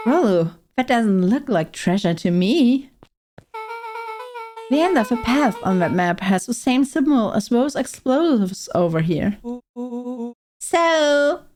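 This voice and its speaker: Woman voicing jittery adventure-game kids, high bouncy voice, drawn-out delivery, music behind. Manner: voicing characters in a read-aloud game playthrough. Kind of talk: game dialogue read aloud.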